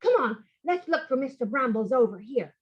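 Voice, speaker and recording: A woman plays a cheeky young boy in a storybook who is daring and excitable. His voice is high and bouncy and he sounds eager. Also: moderate pace, highs cut off.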